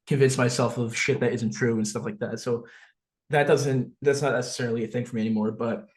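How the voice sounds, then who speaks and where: A man's voice: medium pitch, fairly even intonation, a little fast. Rambling young man with New Jersey accent. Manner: rambling, filler-heavy, frequent swearing. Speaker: guest. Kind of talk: casual podcast chat.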